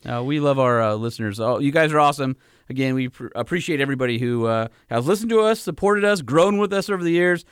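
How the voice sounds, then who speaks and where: A man's voice: mid-range voice, fairly even intonation, quick pace, smooth, dry recording, studio quality. Easygoing male podcast co-host. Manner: easygoing, joking, rambling with fillers. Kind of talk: casual chat.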